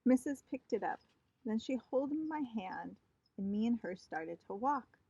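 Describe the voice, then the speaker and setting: A woman reads a children's chapter book aloud in a gentle, expressive way. Her voice sits a bit high and has a soft husky edge. The sound is close and dry. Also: a little slow, no room sound, dull audio. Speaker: teacher reading aloud. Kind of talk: storybook read-aloud to children.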